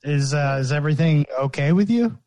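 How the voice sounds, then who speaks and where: Teasing podcast host, dry close sound. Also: male voice, fairly high pitch, lively intonation, fairly quick, darkish tone, no room sound. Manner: teasing, playful. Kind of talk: casual comedic banter.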